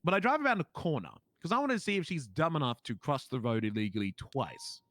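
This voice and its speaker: A man's voice: fairly high pitch, very animated, fast talker, a bit bright, dry recording. Australian man, role-play cop, indignant, emphatic, dry close sound. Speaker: police officer in a role-play game. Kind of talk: in-character role-play storytelling.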